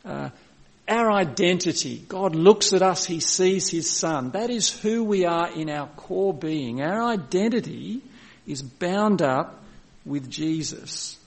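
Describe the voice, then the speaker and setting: A man preaching a sermon as pastor, reading scripture slowly and explaining it with frequent restarts. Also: on the high side, animated, vocal fry. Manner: slows down to read scripture, restarts phrases.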